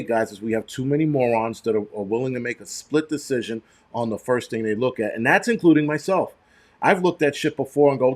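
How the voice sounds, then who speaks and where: A middle-aged man hosting a live stream, talking in a loose, rambling way and breaking into profane, heated rants with many restarts. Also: mid-range voice. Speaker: show host.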